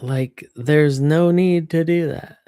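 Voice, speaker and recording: A woman streaming from her computer, chatting casually and venting with frank, freely sworn complaints. Her voice is warm and mellow, picked up dry and close by a computer microphone. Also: low voice, slow, smooth, no room sound. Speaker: livestreamer. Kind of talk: casual livestream chat.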